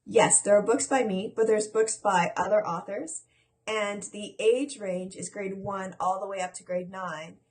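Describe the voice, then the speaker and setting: A woman's voice: mid-range voice, fairly even intonation, a little slow, a little mellow. A woman from South America, raised in Canada, speaking as an author in a casual interview, cheerful and wry. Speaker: author, guest.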